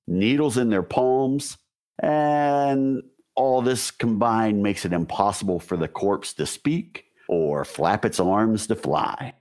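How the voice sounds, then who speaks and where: A man's voice: on the low side, darkish tone. A man co-hosting a casual podcast, telling folklore stories with wry, jokey asides. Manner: wry, jokey asides while reading lore. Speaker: podcast co-host. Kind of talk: casual storytelling chat.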